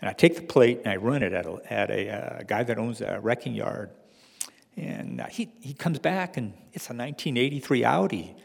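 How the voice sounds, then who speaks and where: Gravelly man telling a wry story. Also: mid-range voice, animated, normal speed, long reverb tail. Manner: wry, dry humor. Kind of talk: personal story told to an audience.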